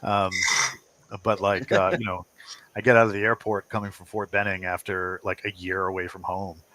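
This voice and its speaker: A man's voice: low-pitched, flat delivery, moderate pace, sharp tone, slight background noise. A man whose first language is Italian, a guest telling rambling stories in casual chat and laughing often.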